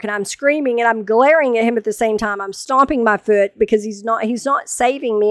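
Woman in her sixties, comic storyteller, dry close mic, animated and dramatic. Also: fairly high pitch, fairly quick, few pauses, no room sound. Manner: animated, dramatic, humorous retelling. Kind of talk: casual storytelling monologue.

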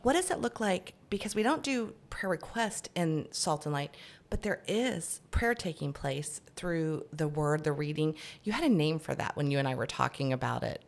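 Deep-voiced lady hosting a podcast, asks questions, lots of affirming. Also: animated, moderate pace, gravelly. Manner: warm affirmations, leading questions. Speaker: podcast host. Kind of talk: podcast conversation.

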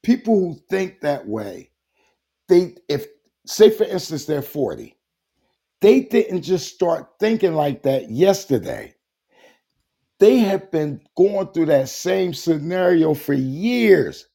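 A man's voice: on the high side, sing-song, slow pace, creaky, warm tone. A man co-hosting a casual talk show, speaking bluntly in a folksy, colloquial way. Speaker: co-host.

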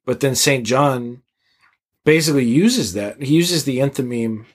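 A man's voice: mid-range voice, a little slow. A man in a casual theological conversation, explaining ideas step by step with frequent restarts.

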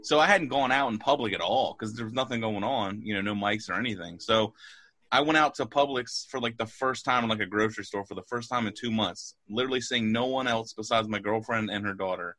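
Laid-back male co-host, bright, forceful tone, dry close mic. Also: on the low side, a little fast, no room sound. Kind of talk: casual podcast chat.

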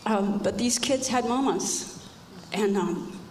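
A woman's voice: medium pitch, slow pace, a little mellow. A middle-aged woman giving an emotional personal testimony at church, emphatic and repeating her phrases. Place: church hall. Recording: echoey hall with faint background noise.

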